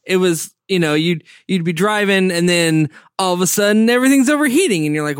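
A man in casual podcast chat, relaxed and anecdotal, acting out little dialogues. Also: sits high, fairly quick, clear, resonant tone, no echo, clean studio sound.

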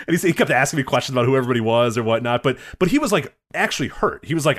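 A man co-hosting a wrestling podcast, telling an animated anecdote in casual chat and laughing often. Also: mid-range voice, rapid-fire, few pauses. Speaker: podcast co-host.

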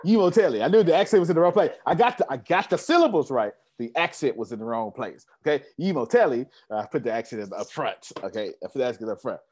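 A business coach speaks to a live audience in a meeting room. His delivery is emphatic and repetitive, full of rhetorical questions thrown at the crowd. His pitch jumps around a lot, sitting at an ordinary middle height for a man. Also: animated, quick pace, few pauses, darkish tone, breathy edge. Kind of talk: live seminar talk.

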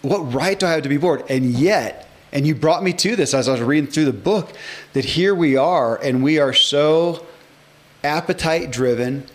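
A man's voice: a little high, normal speed. Enthusiastic male podcast host. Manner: enthusiastic, reads aloud from a book. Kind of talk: casual interview chat.

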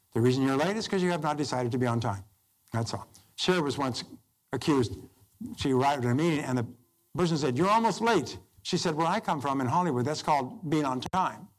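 An older man giving a self-help course lecture, emphatic and acting out quoted dialogue. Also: fairly high pitch. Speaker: motivational speaker.

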